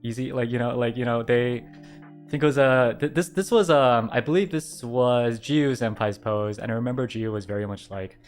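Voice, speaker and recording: A man's voice: medium pitch, fairly even intonation, normal speed. Rambling male streamer, faint guitar behind. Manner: rambling, many fillers and restarts. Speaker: virtual streamer. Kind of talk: casual stream chat.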